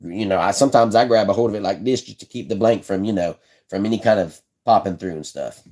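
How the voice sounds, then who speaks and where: Low-ish and darkish in tone, this man is a fast talker who runs a live stream showing, in a casual way, how he builds fishing rods. He keeps things folksy and easygoing, repeats himself, and responds to viewers' chat messages.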